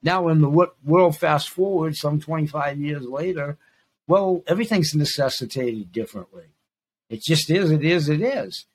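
Speaking at a normal pace, a sixty-something man runs his own podcast in a rambling, emphatic solo talk full of repeated phrases for emphasis. His voice sits a little high and has a slight roughness.

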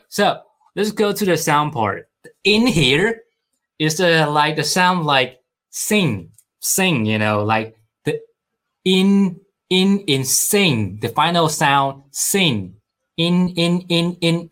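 A man's voice: medium pitch, lively intonation, measured pace, fairly bright tone, soft background music. A man teaching Mandarin pronunciation, patiently drilling each sound over and over. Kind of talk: slow pronunciation lesson.

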